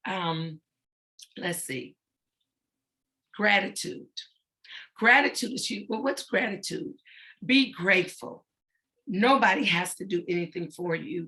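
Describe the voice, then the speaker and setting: A woman's voice: mid-range voice, pushed and bright. A middle-aged woman leading a motivational talk for young girls, earnest and emphatic, repeating her key points. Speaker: facilitator of a girls' self-image talk.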